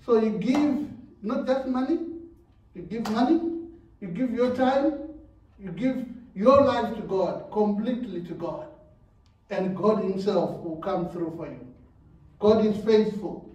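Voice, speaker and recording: A man with a high, mellow voice preaches a sermon. He repeats his words and laughs softly between phrases. The recording is very echoey and sounds like a church hall heard from some way off. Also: animated, a little slow, long pauses, recorded from a distance.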